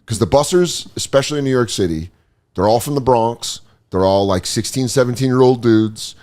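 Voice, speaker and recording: A man's voice: mid-range voice, fairly quick. A man hosting a podcast, chatting casually and telling profane stories with bursts of put-on voices. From United States. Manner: profane, animated storyteller who breaks into voices. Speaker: podcast host. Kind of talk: casual chat.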